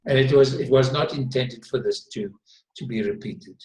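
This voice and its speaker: A man's voice: mid-range voice, normal speed, darkish tone. Earnest man teaching in an echoey room. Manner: earnest, emphatic, repeats words for stress. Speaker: Bible teacher. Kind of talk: conversational teaching discussion. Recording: roomy echo.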